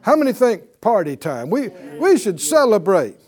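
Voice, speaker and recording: Mid-range in voice and moderate in pace, a Bible teacher leads a broadcast lesson with animated, conversational energy, quizzing the audience and chuckling while teaching.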